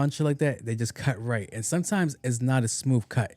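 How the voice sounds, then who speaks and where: Profane New storyteller, dark dry voice. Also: male voice, mid-range voice, brisk, dry recording. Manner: profane, animated retelling with acted-out quotes. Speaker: podcast host. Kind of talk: casual solo storytelling.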